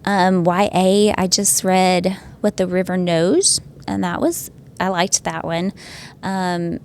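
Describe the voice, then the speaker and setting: A woman in her thirties, a librarian guest chatting eagerly on a podcast and pausing often on "um". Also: on the low side, a little mellow, slight background noise. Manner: chatty and enthusiastic, with frequent "um" pauses. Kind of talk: casual chat.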